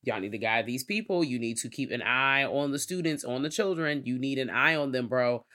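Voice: mid-range voice, a little fast, pushed and bright. A co-host giving blunt, opinionated commentary on a movie in casual slang. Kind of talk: casual movie recap chat.

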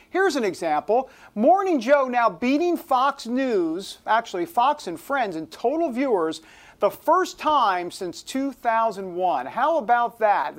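Brief: male TV host doing a playful, theatrical monologue. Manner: theatrical, drops into a low ominous voice for effect. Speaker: talk show host. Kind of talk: casual talk show monologue.

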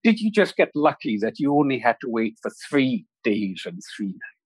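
An impatient, skeptical professor presses for answers, put on by a man telling a story. The voice is husky and close, with a dry sound. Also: mid-range voice, big pitch swings, normal speed, no room sound.

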